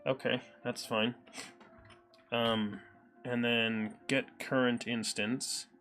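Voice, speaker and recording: A man's voice: medium pitch, level tone, takes it slowly, fairly bright tone, soft background music. A man with an American Midwest accent hosts a live coding stream, thinking aloud with lots of ums and reading chat messages aloud. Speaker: livestream programmer host.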